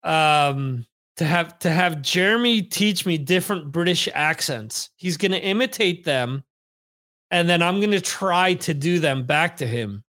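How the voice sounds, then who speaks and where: Reading viewer comments on his podcast, a man with a fairly high, bright voice and a forceful tone speaks animatedly and a little slowly. His casual chat rambles along with jokes and frequent self-corrections.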